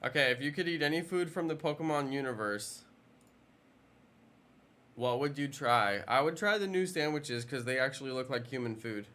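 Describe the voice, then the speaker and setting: A man's voice: mid-range voice, lively intonation, moderate pace, bright, forceful tone. A man in his thirties chatting casually on a live stream while gaming, joking and answering chat questions.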